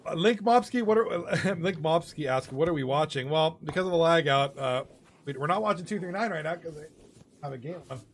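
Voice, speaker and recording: A man's voice: on the high side, expressive, a little fast, a little hiss or hum. A man hosting a live stream, chatting casually, laughing often, swearing freely and reading chat aloud. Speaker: host of an online hockey game league stream.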